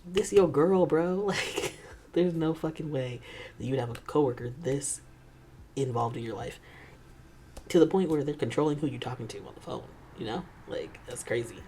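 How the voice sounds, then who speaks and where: A man hosting a reaction video, chatting in an animated way and laughing often between remarks. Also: mid-range voice, fairly quick, slight background noise. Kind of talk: casual reaction commentary.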